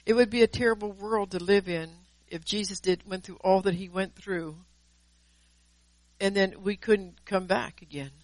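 A woman's voice: mid-range voice, fairly even intonation, normal speed, a little mellow, dry recording, low-quality recording. A woman preaching a devotional sermon in an earnest, emphatic way, repeating words for stress and mixing in personal testimony.

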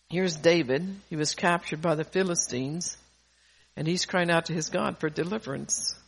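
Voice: medium pitch, moderate pace, fairly bright tone. Earnest preacher reading scripture aloud. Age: adult parent. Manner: earnest, rises in force on key scripture lines; stumbles and restarts mid-phrase.

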